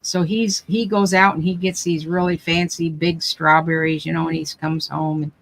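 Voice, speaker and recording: A woman's voice: low voice, little pitch movement, normal speed, gravelly, poor audio. An older woman hosting a casual craft chat, telling rambling family stories with lots of restarts. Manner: chatty, rambling storyteller with frequent restarts. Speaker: craft live stream host.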